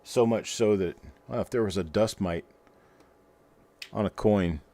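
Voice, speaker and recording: A man's voice: fairly low pitch, measured pace, warm tone. A middle-aged man hosting a livestream, chatting casually and rambling in a folksy way while he talks to his viewers. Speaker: host of a coin roll hunting livestream.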